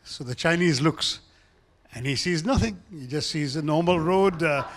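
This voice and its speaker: A man's voice: a little high, moderate pace, a little hiss or hum. A man, a guest speaker in an on-stage conversation, talking in articulate, formal wording and telling stories. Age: 60s.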